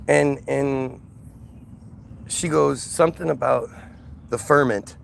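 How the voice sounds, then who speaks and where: A man's voice: medium pitch, takes it slowly, gravelly, long pauses, a little hiss or hum. A man talking in a heated, casual monologue, mocking and contemptuous as he rants. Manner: ranting, repetitive restarts.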